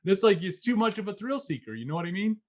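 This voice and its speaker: A man with a somewhat high voice hosts a casual podcast chat. He talks in a loose, animated way and laughs often, with plenty of "man" and "it's like.". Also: quick pace. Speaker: podcast host, physician. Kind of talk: casual conversation.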